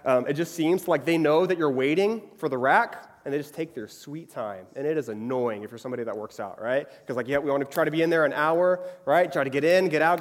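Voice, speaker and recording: Brief: young male preacher, casual sermon, slightly high voice, long hall reverb. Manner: chatty, frequently asks "right?". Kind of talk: conversational sermon.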